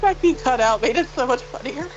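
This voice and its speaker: Brief: woman co-host, bright swooping voice, sarcastic and giggly, dull audio under clear music. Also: sits high, lively intonation, a little fast. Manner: laughing, sarcastic. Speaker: streamer co-host. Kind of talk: casual stream chat.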